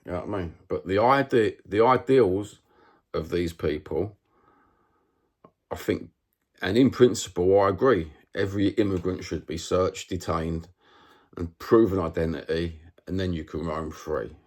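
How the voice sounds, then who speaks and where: A Cockney man from London vlogging to his subscribers in a very low, husky voice. He sounds rattled, keeps repeating himself and asking rhetorical questions, with plenty of working-class slang. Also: measured pace. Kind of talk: casual vlog monologue.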